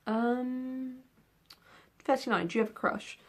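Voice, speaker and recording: A woman's voice: sits high, slow pace. A young woman chatting casually in a book vlog tag video, rambling with lots of ums and the odd yawn. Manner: rambling, with many ums and yawns. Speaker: book vlogger.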